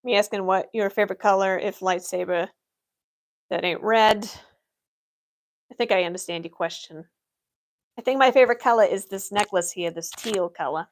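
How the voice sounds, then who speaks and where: A young adult woman takes viewer questions in an in-character livestream, posing as an Imperial office worker with a dry, matter-of-fact sense of humor. She talks at normal speed and medium pitch, pausing often.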